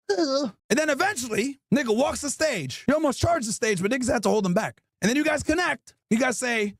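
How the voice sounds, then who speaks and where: A man with a strikingly high voice, his pitch leaping around as he mocks and roasts with nonstop swearing. He speaks loud and animated, close to a dry mic with no room echo. It comes across as an unfiltered podcast host on a tear. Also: brisk, few pauses. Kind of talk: profane comedic roast.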